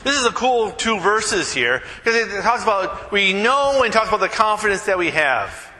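A man preaching a casual, conversational sermon, animated and joking with the congregation. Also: high voice, moderate pace, long reverb tail, rough recording. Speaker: pastor.

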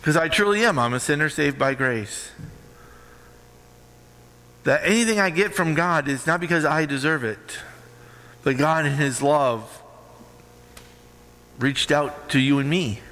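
A man's voice: fairly high pitch, unhurried, pauses often, fairly bright tone, big-room sound, low-quality recording. A man preaching a sermon with emphatic call-and-response questions to the congregation.

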